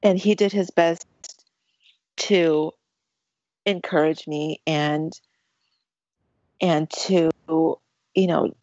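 A woman with a lowish voice tells a personal story about running a race. She speaks in halting bursts, stumbling and repeating herself, and her voice grows tearful at times. The recording is dry and sounds a little dull and lo-fi. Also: darkish tone, dry recording. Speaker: ultramarathon runner guest.

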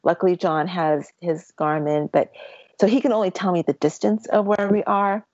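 A woman telling a long personal story about a race as a guest, talking in halting bursts with many restarts and becoming tearful at times. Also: fairly low pitch, steady tone, a little mellow, no echo. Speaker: ultramarathon runner guest. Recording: dry, dull lo-fi audio.

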